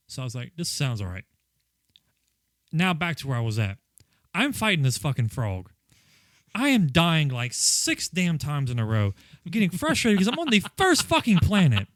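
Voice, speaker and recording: A man's voice: mid-range voice, no echo. A man co-hosting a casual podcast, telling a frustrated, profane story about a video game. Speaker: podcast co-host.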